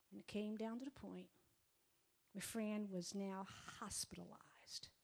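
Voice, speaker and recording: A middle-aged woman giving an emotional testimony in a sermon, swinging from loud outbursts to hushed whispers and speaking directly to her listeners. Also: medium pitch, gravelly. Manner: repeats herself, addresses the audience directly.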